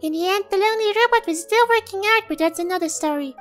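A tiny, bubbly fairy companion , as a woman puts her on, chirps in a very high, squeaky voice and calls herself by her own name. The lines are read as a fan voice-over of game dialogue. Soft game music plays faintly behind her. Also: quick pace. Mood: chirpy. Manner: speaks of herself in the third person, bubbly.

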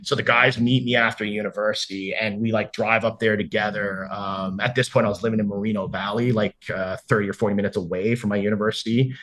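A man's voice: on the low side, steady tone, fast, hardly any pauses, fairly bright tone. A man of about forty, an interview guest telling a story casually, swearing freely, filling his talk with "like" and acting out what people said. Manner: loose and profane, heavy on "like", acts out quoted dialogue.

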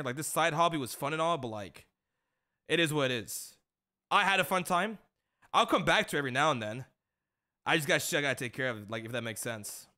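With a slightly high voice that sounds pushed and bright, the streamer trades slangy banter and recounts a funny tale about his dad. He's easygoing, from a Mexican-American family, and cracks himself up as he talks.

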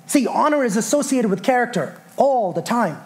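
A pastor preaching a passionate sermon in a church, calling out to the congregation for responses. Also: male voice, very high voice, expressive, normal speed, a little mellow. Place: church sanctuary.

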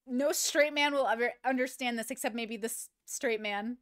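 A woman hosting casual reaction commentary, thinking aloud in an animated, swearing way. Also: a little high, no room sound, clean studio sound. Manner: animated, swearing, thinking aloud, pausing to clear her throat. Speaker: commentary host reacting to a video.

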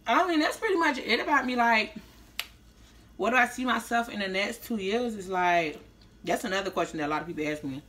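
A woman talks to her viewers in a loose, slangy mukbang chat. She chews between lines and sounds a little slurred. Her voice is bright and forceful, with a middle pitch. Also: lively intonation, fairly quick, slight background noise. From Tampa, Florida, US. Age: 30s. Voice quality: slightly slurred speech after orthodontist visit. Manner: slangy, chatty, talking while eating. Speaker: vlogger. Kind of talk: casual mukbang vlog chat.

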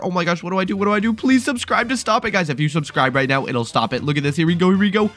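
A young man giving excited, exclamatory commentary over a video game, often repeating himself in bursts. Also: on the high side, faint music behind. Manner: hyper, exclamatory, repeats phrases rapidly. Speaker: gaming YouTuber.

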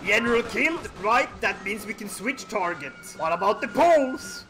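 A high-voiced man with a bright, lively delivery narrates a war strategy game with comic outbursts. His pitch swings widely as he cheers and yells at his units. Faint game music plays behind him. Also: normal speed, few pauses, a little hiss or hum. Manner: excitable, shouting at units, mock accents. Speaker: gaming YouTuber. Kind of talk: comedic gameplay commentary.

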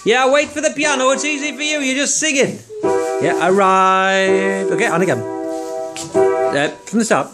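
A man's voice: very high voice, lively intonation, moderate pace. A man giving a casual piano and songwriting lesson at home, patient and encouraging, often checking in with "right?". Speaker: piano teacher. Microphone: phone camera.

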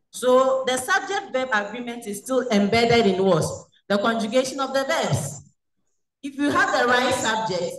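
A woman's voice: mid-range voice, a bit bright, slight background noise. A woman teaching a French class over a video call. She poses questions to the class and then answers them herself. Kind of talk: online class lecture. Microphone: video call recording. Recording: echoey room, distant from the mic.

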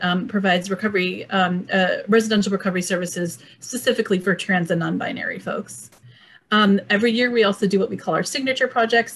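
A woman's voice: medium pitch, breathy edge. A woman presenting an arts and mental health program, speaking earnestly with frequent "um"s. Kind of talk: slide presentation.

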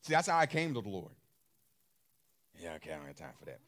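Emphatic preacher with lively, swinging pitch. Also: male voice, fast talker. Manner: emphatic, repeats phrases, asks the congregation questions. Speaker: pastor. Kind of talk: sermon.

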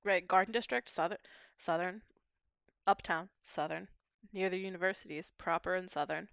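Speaking at a moderate pace, this young adult woman has a lowish, creaky voice with a fairly bright tone. She is a Pittsburgh-born linguistics PhD student discussing her research on a podcast in an articulate, academic way. There's no echo, just clean studio audio.

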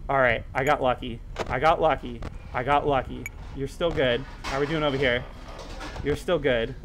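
A man streaming a horror game live, muttering to the on-screen threats and breaking into panicked shouts. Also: medium pitch, fairly even intonation, normal speed.

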